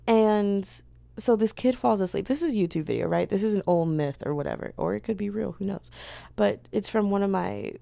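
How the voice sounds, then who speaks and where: A woman's voice: medium pitch, a little fast, vocal fry, warm tone, dry recording. A young woman chatting casually on her channel, retelling a story in a rambling way, full of fillers and quoted voices. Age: young adult. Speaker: book vlogger.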